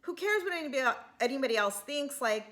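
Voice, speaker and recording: Bright, chatty woman recapping TV. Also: high voice, animated, quick pace. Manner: chatty, acts out quotes. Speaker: TV recap host. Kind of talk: casual reality-show recap.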